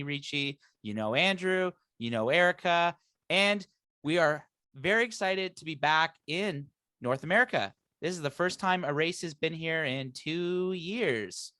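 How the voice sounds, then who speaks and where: A man's voice: a little high, sharp tone, no room sound, clean studio sound. A man hosting a casual motorsport podcast, upbeat and chatty with his co-hosts. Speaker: podcast host.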